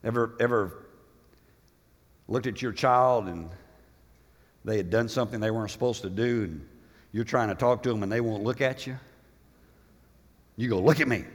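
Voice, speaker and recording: A man's voice: on the low side, moderate pace, long pauses. Impassioned preacher man in a reverberant hall. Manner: impassioned, swings from loud to hushed. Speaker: pastor. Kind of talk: sermon.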